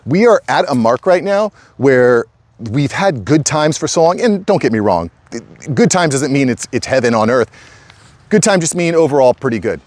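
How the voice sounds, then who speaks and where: Emphatic middle-aged man with a lively voice. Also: mid-range voice, normal speed, dry recording. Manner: emphatic, repetitive, addresses viewers as guys. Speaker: channel host. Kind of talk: casual direct-to-camera talk.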